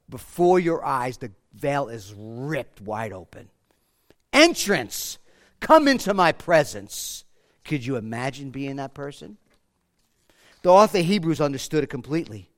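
A man preaching a sermon as pastor, moving from hushed, slow lines to loud, fervent ones. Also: mid-range voice, very animated. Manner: passionate preaching, swings from quiet to loud.

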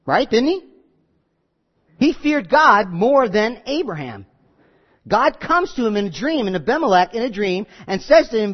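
A man preaching a sermon, telling stories with quoted voices and lively asides. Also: sits high, normal speed, slightly rough. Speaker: pastor. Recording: muffled audio with long hall reverb.

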